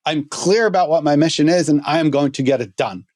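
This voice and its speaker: A man telling a story as a guest on a podcast, halting with many restarts. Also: fairly high pitch, darkish tone, no room sound, studio quality.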